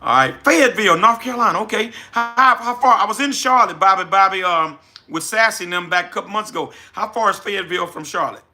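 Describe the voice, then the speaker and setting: A man from South Louisiana with a Southern accent, hosting a casual livestream and answering chat with energetic, repetitive, preacher-like emphasis. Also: high-pitched, quick pace, faint music behind. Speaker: livestream host, business coach.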